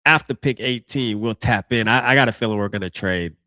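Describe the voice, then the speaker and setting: A man's voice: mid-range voice, fairly quick, sharp tone, no echo, studio quality. A man hosting a live reaction stream, talking casually in slang and thinking aloud as he goes.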